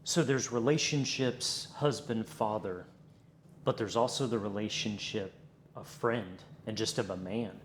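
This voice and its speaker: Male host, lowish voice, reflective questioning, slight background noise. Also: measured pace. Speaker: podcast host. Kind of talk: conversational interview.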